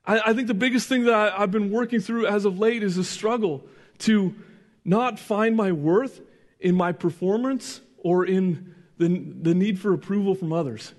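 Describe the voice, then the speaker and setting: A man's voice: high-pitched, moderate pace, darkish tone, long reverb tail. A middle-aged man preaching a sermon, earnest, often asking the congregation questions and checking in with "right?". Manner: frequent restarts and "right?" checks. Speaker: pastor.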